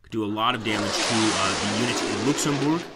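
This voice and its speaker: A fairly low-voiced man talks through his moves in a war strategy game, casual and chatty, thinking aloud and calling out to his viewers. Heavy noise sits under the recording throughout. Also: brisk. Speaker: let's play host. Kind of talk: casual gameplay commentary. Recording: loud background noise.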